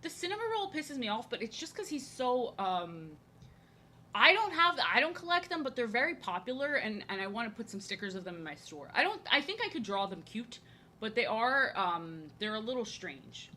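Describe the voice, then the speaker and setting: A woman's voice: on the high side, sing-song, moderate pace, pushed and bright, slight background noise. A young woman from New Jersey chatting casually while she draws on a live stream, rambling with lots of fillers and restarts, frank and a bit crude. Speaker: streamer and artist.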